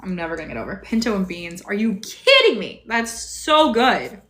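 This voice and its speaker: A young woman with a bright, forward voice chats casually on a livestream, bubbly and quick to react to viewers' comments. She talks into a phone propped on a tripod in a motel room. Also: mid-range voice, big pitch swings. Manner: chatty, bubbly, reads and answers viewer comments. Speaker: livestream host.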